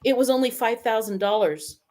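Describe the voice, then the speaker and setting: Middle-aged woman, from the US, casual chat, lively, fairly high voice. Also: brisk. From United States. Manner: lively, laughs often, exclaims while browsing. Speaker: host.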